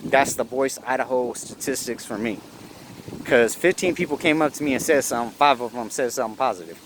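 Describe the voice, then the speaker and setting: Guy rambling through stories outside, swears a lot, fixes himself mid sentence, faint traffic behind. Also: fairly quick. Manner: rambling, self-correcting, swears freely; acts out other people's lines in a higher voice. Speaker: vlogger. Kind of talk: casual storytelling.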